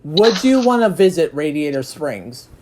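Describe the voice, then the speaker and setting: Chatty interviewer over steady hiss. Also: mid-range voice, a little slow. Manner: rambling, chatty, restarts mid-sentence. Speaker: host and interviewer of a fan production. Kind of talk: casual interview chat. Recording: noisy background hiss.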